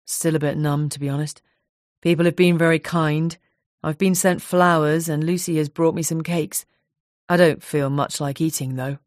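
A woman voicing a numb, soft-spoken widower. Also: moderate pace, no echo, studio quality. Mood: subdued. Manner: soft, low, numb-sounding. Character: grieving widowed man, quiet and subdued.

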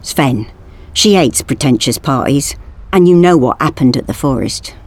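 A woman voicing an anxious, earnest young man who speaks in a hushed, intense way, in a storybook reading. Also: rumbling low, animated, normal speed.

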